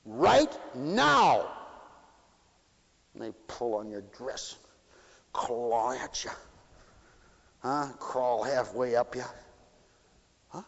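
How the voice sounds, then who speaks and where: A male preacher delivering an impassioned sermon, swinging between shouted appeals and quiet asides. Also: medium pitch, big pitch swings, very slow, creaky, pauses often. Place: church. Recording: dull recording in a reverberant church.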